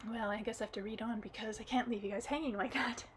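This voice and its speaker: A woman reading an audiobook aloud, losing her voice, with soft, hushed asides between passages. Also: fairly high pitch, steady tone, fast talker, a little hiss or hum, low-quality recording. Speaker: audiobook reader.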